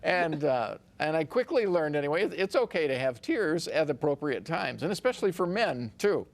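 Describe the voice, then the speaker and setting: An older man appearing as a guest on a television talk show, recalling family memories in a measured, reflective way, recorded in a TV studio. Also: on the high side, sing-song.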